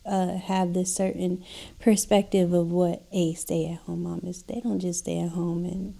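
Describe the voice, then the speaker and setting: A young woman co-hosting a podcast with her husband, speaking hesitantly and softly in casual chat. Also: lowish voice, level tone, unhurried, creaky. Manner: hesitant, many fillers, soft-spoken. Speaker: podcast co-host.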